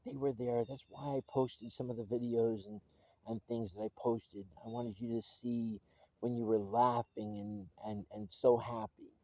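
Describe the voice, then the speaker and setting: A man with a mellow, mid-pitched voice speaks straight to his wife in an earnest, pleading way, stumbling and restarting as he goes. The recording sounds dull and lo-fi. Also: lively intonation, measured pace, gravelly, dry recording. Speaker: husband addressing his estranged wife. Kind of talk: personal video message.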